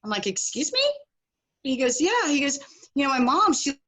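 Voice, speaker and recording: Speaking at a normal speed in a high voice, this middle-aged podcast guest spins a casual story. Her telling is animated, and she performs the voices of everyone she quotes.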